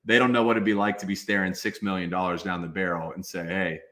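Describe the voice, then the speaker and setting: A man's voice: sits low, fast talker, a bit bright. A man in his twenties, a former football player, talking emphatically as a guest in a casual interview.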